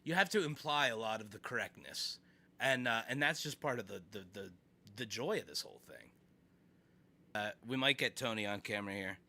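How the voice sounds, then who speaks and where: A man's voice: on the low side, a little fast. A man streaming live, chatting casually with his viewers as he reacts to a clip. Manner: animated, chatty, talks to chat.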